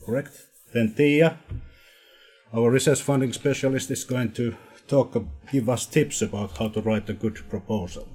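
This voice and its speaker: Husky, hesitant male seminar chair. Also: medium pitch, normal speed, a little mellow, soft background music. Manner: hesitant, with many restarts. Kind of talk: opening remarks at a seminar. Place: seminar room.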